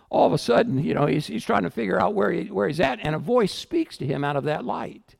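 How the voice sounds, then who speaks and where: A male pastor preaching a sermon, telling stories with animation and swinging from loud to hushed. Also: high voice, lively intonation, fairly quick, gravelly, husky. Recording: echoey hall with long reverb.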